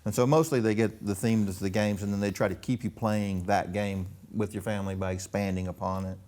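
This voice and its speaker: A man's voice: lowish voice, fairly even intonation, a little fast, a little mellow. A man who owns a game shop, talking as a guest in casual chat with dry jokes.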